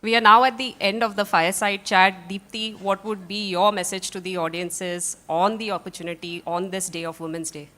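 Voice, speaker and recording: A woman's voice: medium pitch, steady tone, normal speed, few pauses, pushed and bright. A woman moderating a panel, graciously closing the session and thanking guests.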